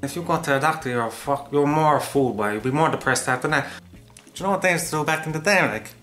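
A man's voice: fairly high pitch, fast talker, fairly bright tone, soft background music, close to an everyday voice. A man playing a blunt older man with a coarse, dismissive way of talking. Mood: scoffing.

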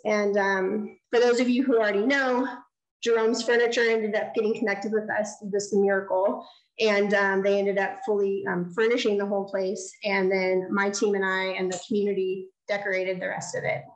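A woman giving a design lecture, telling a story in an animated way and acting out the dialogue. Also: mid-range voice, echoey room, poor audio. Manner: animated, acts out quoted dialogue. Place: lecture hall.

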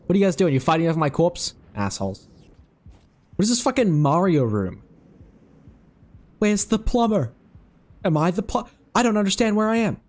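A man talking through his game run as a let's play host, in a fairly high voice that jumps around a lot. He is excitable and swears freely. He keeps chatting to the creatures on screen as if they could answer. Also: normal speed, long pauses. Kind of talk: casual gaming commentary.

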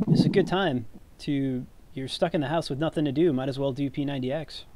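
A man chatting casually before a tabletop game, teasing and animated, with quick asides on a video call. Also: medium pitch, crowd noise, rough recording. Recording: loud noise on a video call.

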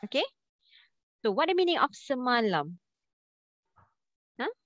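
A woman's voice: high-pitched, very animated, unhurried, a bit bright, no echo. A woman teaching a language class online, patiently repeating questions and spelling out syllables. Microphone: video call. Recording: dull lo-fi call audio.

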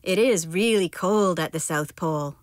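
A woman's voice: lowish voice, normal speed, dry recording, studio quality, natural voice. A woman doing an eager little rabbit girl.

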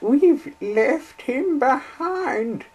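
A man voicing tearful female train coaches in a high wailing voice. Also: expressive, very slow, darkish tone, heavily acted, poor audio. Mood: sobbing.

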